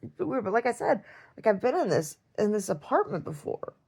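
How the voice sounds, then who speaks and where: A woman's voice: mid-range voice, sing-song, a little fast, vocal fry, darkish tone, breathy edge. A woman in chronic pain, telling a rambling video-diary story with lots of fillers and restarts. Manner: acts out quoted lines in a raised voice. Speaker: video diarist. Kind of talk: casual video diary, recounting a dream.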